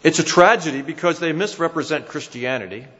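A male preacher with a New Jersey accent delivers a sermon with emphatic rises and falls. His voice sits a bit high for a man. The recording is dull and carries a long hall echo. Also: brisk, fairly bright tone. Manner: emphatic, rising and falling for emphasis.

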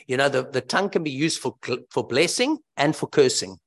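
A man preaching an expository sermon, emphatic and animated, asking rhetorical questions. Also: mid-range voice, a little fast.

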